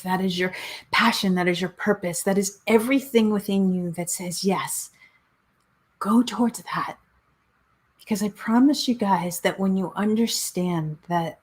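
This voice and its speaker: A middle-aged woman hosting a spiritual talk show, speaking earnestly and repeating phrases for emphasis. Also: mid-range voice. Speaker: host, spiritual coach. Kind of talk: motivational talk show monologue.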